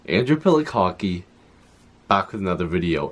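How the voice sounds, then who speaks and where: A young man recapping a hockey game in a casual, excitable way, full of fillers and quick asides. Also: low-pitched. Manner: excitable, talks fast with frequent fillers. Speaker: hockey vlogger.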